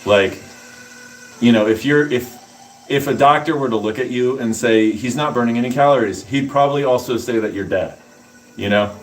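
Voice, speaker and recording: A man's voice: medium pitch, normal speed. A man casually explaining nutrition to his livestream chat between workout sets, rambling and joking with viewers. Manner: rambling, answers chat, jokey asides. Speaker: fitness streamer.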